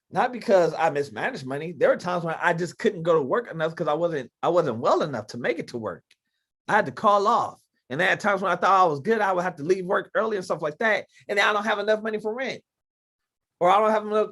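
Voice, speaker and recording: A man's voice: sits high, a bit bright. Emphatic man hosting a call-in chat. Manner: emphatic, conversational, lots of fillers. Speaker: podcast host. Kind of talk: casual faith-based talk on a video call. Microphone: video call.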